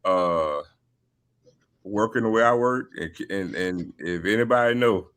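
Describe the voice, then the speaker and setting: Low-voiced man, emphatic and slangy. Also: a little slow, fairly bright tone, clean tone. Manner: emphatic, slangy, urges hard work. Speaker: guest on a live sports chat. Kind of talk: casual live-stream chat.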